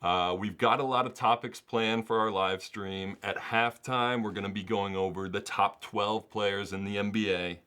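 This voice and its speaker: Chatty man with a low voice. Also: fairly even intonation, moderate pace, few pauses, pushed and bright, clean tone. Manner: chatty and earnest, laughs often mid-sentence. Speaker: sports channel host. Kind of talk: casual solo commentary to camera. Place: home setup in the US.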